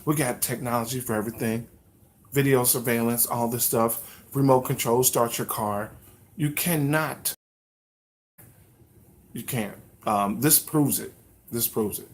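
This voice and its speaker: Male livestream host, casual chat, animated, mock-newscaster bits. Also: medium pitch. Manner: animated, playfully mimics news announcements.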